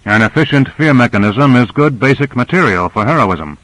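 A man voicing a calm male hero who reassures and explains in an even voice. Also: medium pitch, normal speed, no room sound, low-quality recording. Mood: reassuring.

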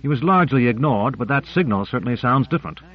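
A man's voice: medium pitch, expressive, fast talker, lightly acted. Precise, dryly formal male scientist for an audiobook, read by a man, lifted tone, muffled sound. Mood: explaining. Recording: muffled lo-fi recording.

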